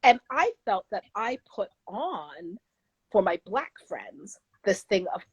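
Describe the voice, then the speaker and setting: A woman's voice: mid-range voice, very animated, measured pace, husky, dry recording. A woman guest author talking in an interview, earnest and emphatic, sometimes taking on the voices of people she quotes. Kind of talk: candid interview conversation.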